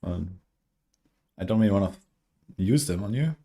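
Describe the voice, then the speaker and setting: A man's voice: lowish voice, animated, normal speed, dark tone. A man streaming and chatting casually in a laid-back, hesitant way.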